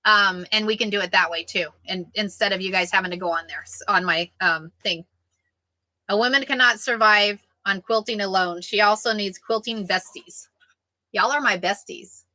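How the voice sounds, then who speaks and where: A woman's voice: medium pitch, moderate pace, pushed and bright, dry recording, low-quality recording. A woman chatting casually as a quilting vlogger, joking and answering viewers. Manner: chatty, jokey, reads out sayings and answers viewers. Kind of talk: casual live chat.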